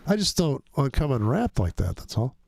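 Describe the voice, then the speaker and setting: A man with a gravelly, middle-range voice talks loosely and crudely. He hosts a livestream and rambles from one story to the next in profane casual chat. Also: mid-range voice, big pitch swings, moderate pace, a little mellow, a little hiss or hum. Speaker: livestream trading show host.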